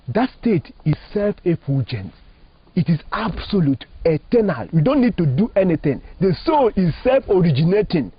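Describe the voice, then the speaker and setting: Emphatic Nigerian priest, lively rising pitch. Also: male voice, moderate pace, husky, dry recording. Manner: emphatic, preacherly, rising and falling phrasing, asks rhetorical questions. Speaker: Catholic priest. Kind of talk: spiritual teaching in an interview. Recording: dull lo-fi dry recording.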